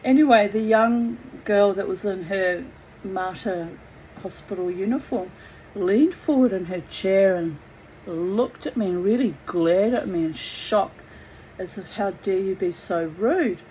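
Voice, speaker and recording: A woman telling her own story in a candid, blunt and animated way, swearing freely as she goes. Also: mid-range voice, a little slow, slight background noise, rough recording. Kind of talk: candid first-person storytelling.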